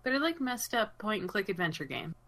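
A woman on a casual podcast chat, speaking in a hesitant, low-key way with fillers and trailing thoughts. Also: big pitch swings, fairly quick, a bit bright. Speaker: podcast co-host.

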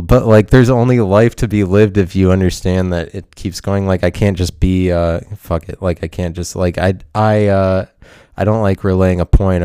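A man delivering a rambling, scattered monologue, cursing often and breaking into sudden loud outbursts. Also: low voice, smooth, dry recording, clean studio sound.

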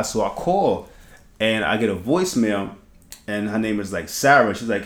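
New guy hosting a podcast, lowish voice, tells stories loud and slangy, echoey studio. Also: fairly quick. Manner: animated storytelling, laughing, heavy slang and swearing. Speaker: podcast host. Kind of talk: casual chat. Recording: echoey room.

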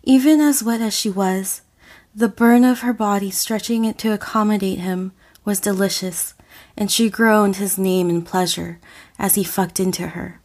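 A woman reading an audio story as a narrator, slow and deliberate. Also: medium pitch, steady tone, a little mellow. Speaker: audiofic reader.

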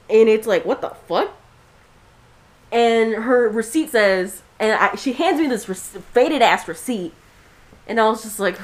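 A young woman co-hosting a podcast, telling a story in casual chat with a blunt, profane, ranting manner. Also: on the high side. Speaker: podcast co-host.

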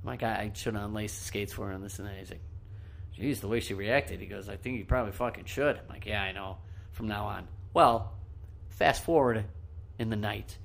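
A man's voice: fairly low pitch, a little fast, gravelly. A man telling stories in a casual podcast chat, laughing often and swearing freely. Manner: swearing, laughing, animated storyteller. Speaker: podcast co-host.

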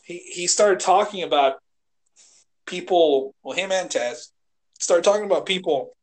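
A man co-hosting a casual podcast, rambling and animated, swearing and acting out quotes as he retells scenes. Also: high-pitched, unhurried. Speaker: podcast co-host. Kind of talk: casual chat.

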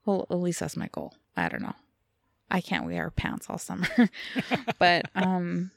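A woman's voice: mid-range voice, gravelly, darkish tone, no room sound, studio quality. A woman co-hosting a podcast, talking candidly and rawly about her feelings, swearing freely and laughing at herself. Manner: raw, confessional, swears freely, self-deprecating laughs. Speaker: podcast co-host. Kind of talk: candid casual chat.

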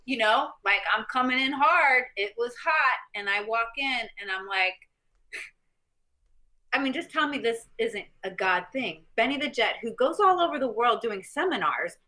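A middle-aged woman from the US Midwest, a guest telling animated stories in an interview and acting out other people's lines. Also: fairly high pitch, moderate pace. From Missouri, US Midwest. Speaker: guest, former champion fighter and stuntwoman. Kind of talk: interview storytelling.

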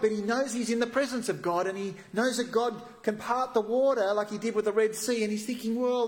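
A lively man delivering a sermon, his voice rising and falling widely as he acts out the quoted lines. He sits in a fairly high register for a man. His delivery is expressive and full of swings. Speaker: preacher.

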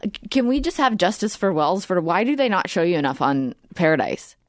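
A woman's voice: lowish voice, very animated, a little fast, no room sound. Chatty woman podcast host, dry mic. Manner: chatty, laughs often, reads ad copy smoothly. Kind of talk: casual chat. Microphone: studio microphone.

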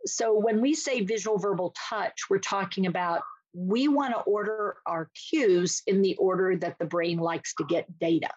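A woman's voice: mid-range voice, moderate pace, breathy edge, no echo, lo-fi sound. A woman explaining dementia care in a podcast interview, acting out small scenes and voices as she talks. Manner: animated, acts out little scenes with voices.

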